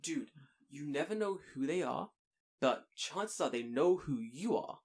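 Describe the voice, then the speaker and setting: A man co-hosting a podcast in casual chat, telling a lively story, swearing casually and trailing off mid-sentence. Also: fairly high pitch, measured pace, slightly rough. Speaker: podcast co-host.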